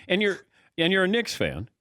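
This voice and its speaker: A man's voice: high-pitched, huge pitch swings, unhurried, pushed and bright. A man hosting a radio show, asking a guest short questions and laughing often. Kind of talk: interviewing a guest.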